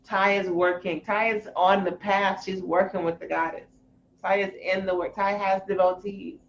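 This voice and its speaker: A woman leading an online group class, frank and animated, swearing casually as she teaches. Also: mid-range voice, moderate pace, muffled recording, a little hiss or hum. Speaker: course leader.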